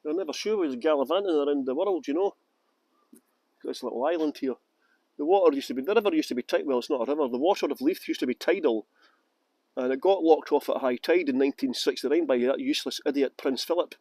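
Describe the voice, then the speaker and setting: Chatty man, high voice. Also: fast talker, darkish tone, dry recording, rough recording. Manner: chatty, jokey, breaks into song and silly voices. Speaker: tour guide. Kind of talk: live-streamed walking tour chat. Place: outdoors by a river in the rain.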